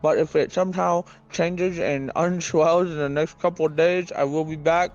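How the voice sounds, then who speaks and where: A man's voice: fairly high pitch, steady tone, normal speed, highs cut off. Groggy man with a swollen tongue. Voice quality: thick, slurred speech from a swollen tongue. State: groggy after anesthesia. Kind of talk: recorded voice message. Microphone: phone.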